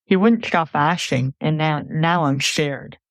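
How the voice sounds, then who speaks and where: A woman recounting a personal story in an earnest, measured way for a podcast. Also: low voice, dry recording. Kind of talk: personal story told into a mic.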